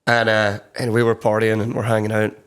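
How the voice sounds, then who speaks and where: A man's voice: lowish voice, completely flat delivery, brisk, fairly bright tone, clear, resonant tone. A young man from Scotland with a Scottish accent, chatting casually as a podcast guest and rambling with lots of fillers. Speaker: guest, country songwriter. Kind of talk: casual interview chat. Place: studio.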